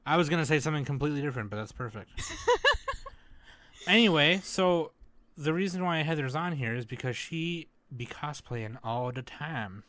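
A man hosting a casual podcast chat, joking around and loudly scolding his co-hosts in jest before getting to the topic. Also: on the high side, animated, fairly quick, a little hiss or hum. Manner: joking, loud mock scolding. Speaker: podcast host.

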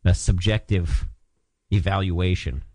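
A man's voice: sits low, measured pace, dark tone, no room sound. A man hosting a casual podcast chat, rambling and laughing often. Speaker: podcast host.

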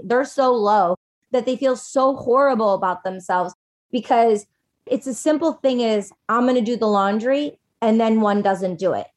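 A woman life coach talking casually in a podcast conversation, animated and full of "like", acting out little quotes. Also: on the high side. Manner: chatty, animated, acts out quotes, fillers of "like".

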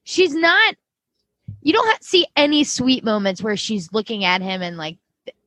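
A woman's voice: on the high side, very animated, moderate pace, sharp tone, no echo. A woman co-hosting a casual podcast, blunt and swearing freely. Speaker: podcast co-host. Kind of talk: casual chat.

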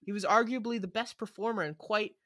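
A man's voice: sits high, fairly quick, fairly bright tone, no echo, studio quality. A young man co-hosting a casual podcast, teasing his friends as he reads out player ratings.

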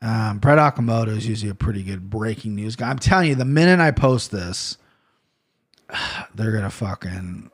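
A man talking to camera in a casual solo rant, rambling and cursing freely, with bursts of loud mock outrage. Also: lowish voice, lively intonation, moderate pace, husky. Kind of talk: casual solo rant about gear and fight news.

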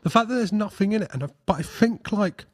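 A man's voice: high voice, lively intonation, fast talker, no echo. Hesitant podcast man, dry sound. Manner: hesitant, many restarts and fillers. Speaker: podcast co-host. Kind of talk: casual film podcast chat.

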